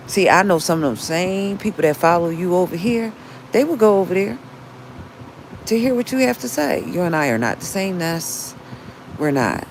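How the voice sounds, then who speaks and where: A woman's voice: lowish voice, lively intonation, moderate pace, a little hiss or hum, low-quality recording. A woman, talking on her livestream in an earnest, repetitive way, restarting often and citing scripture. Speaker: livestream host. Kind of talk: casual livestream talk, preaching.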